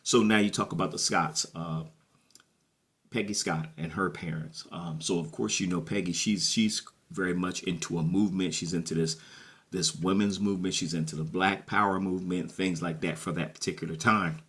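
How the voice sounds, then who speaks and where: A man's voice: deep voice, fairly even intonation, normal speed, a bit bright. A man casually recapping a TV episode, chatty and slangy, often repeating himself and playing the characters' lines. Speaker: show recap host.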